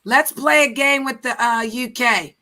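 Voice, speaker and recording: An American woman hosting a live stream, loud and laughing, swearing freely and bossing her friends into a game. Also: on the high side, unhurried. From United States. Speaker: streamer host. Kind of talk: casual stream banter.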